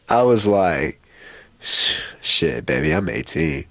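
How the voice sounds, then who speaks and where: A young man casually telling a personal story on his vlog, slangy and animated, laughing as he goes. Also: low voice, takes it slowly, vocal fry, long pauses, soft background music. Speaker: vlogger.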